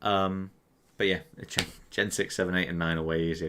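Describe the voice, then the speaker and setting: Young guy, lowish voice, cursing and self-mocking through a quiz; clear mouse clicks behind. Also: level tone, moderate pace, heavy background noise. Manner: swearing, self-mocking, thinking aloud. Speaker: quiz player. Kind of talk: casual gaming commentary.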